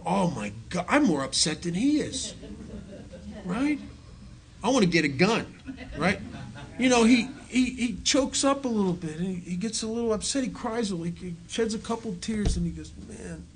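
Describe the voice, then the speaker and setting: A man's voice: high voice, lively intonation, normal speed, slight background noise. Joking man giving a recovery talk. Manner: joking, self-mocking storyteller. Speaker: recovery meeting speaker. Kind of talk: personal recovery talk to an audience. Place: meeting hall with a live audience.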